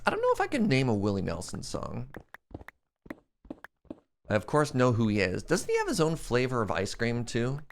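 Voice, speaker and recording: A man's voice: mid-range voice, wildly swooping pitch, moderate pace, long pauses, slight background noise. A young man streaming a game, chatting casually and joking as he answers chat questions. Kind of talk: casual live-stream chat while playing.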